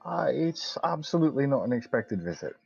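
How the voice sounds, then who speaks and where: A man's voice: medium pitch, big pitch swings, fairly quick, vocal fry, darkish tone, slightly rough, dull audio, faint music behind. A man playing his character in a tabletop game, speaking in a friendly, hesitant way with plenty of fillers. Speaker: player. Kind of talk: in-character tabletop role-play.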